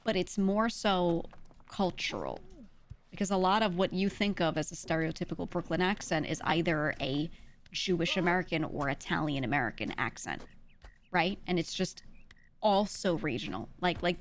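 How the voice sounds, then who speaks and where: A woman's voice: on the low side, moderate pace. Emphatic young woman. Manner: emphatic, explaining, with filler words. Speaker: streamer. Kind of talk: casual chat.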